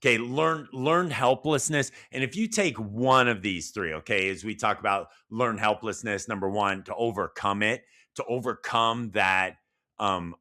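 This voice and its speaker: A middle-aged man co-hosting a podcast, telling stories conversationally with big upward jumps in pitch when he retells a scene. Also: sharp tone. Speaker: podcast co-host.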